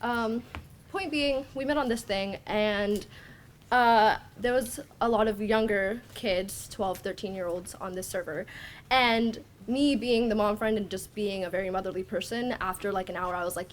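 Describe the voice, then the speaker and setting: A woman's voice: mid-range voice, moderate pace, a little hiss or hum. A teenage girl telling a personal story at a story slam, rambling and self-deprecating, often quoting her own thoughts. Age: teens. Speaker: student storyteller.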